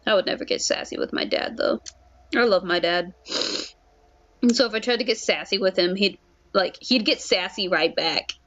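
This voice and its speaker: A woman's voice: mid-range voice, moderate pace, a bit bright, lo-fi sound. A young woman streaming a game, chatting casually with lots of "like".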